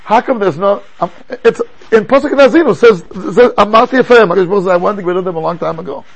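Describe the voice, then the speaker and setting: Man giving a lively Torah class, high gravelly husky voice, rhetorical questions, stumbling restarts. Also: rapid-fire, highs cut off. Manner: animated, rhetorical questions, frequent stammering restarts. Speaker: rabbi teaching a Torah class. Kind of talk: animated Torah lecture.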